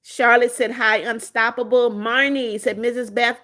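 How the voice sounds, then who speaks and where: Middle-aged woman, friendly livestream host, higher voice, reads out chat comments. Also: level tone, normal speed, pushed and bright. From United States. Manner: friendly, reads chat messages then answers them. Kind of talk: casual live chat, reading comments aloud.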